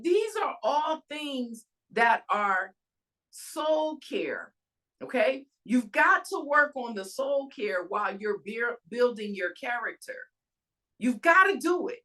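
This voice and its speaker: A woman hosting her own show, giving an animated faith-based talk on soul care and self-care. She calls her listeners y'all and checks in with them, asking "all right?". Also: fairly high pitch. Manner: emphatic, preacher-like cadence. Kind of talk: casual inspirational talk.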